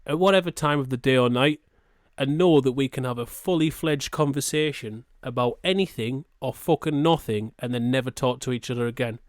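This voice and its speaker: A man's voice: mid-range voice, a little fast, few pauses, no room sound, studio quality. Rambling sweary northern English man. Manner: rambling, sweary, blunt opinions. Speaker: podcast co-host. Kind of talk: casual podcast chat.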